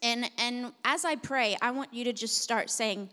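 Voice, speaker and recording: A young adult woman pastor preaching a sermon in a church, telling an animated story and then praying. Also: fairly high pitch, measured pace. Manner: animated storytelling, laughing at times, then prayer. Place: church sanctuary. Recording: reverberant church hall.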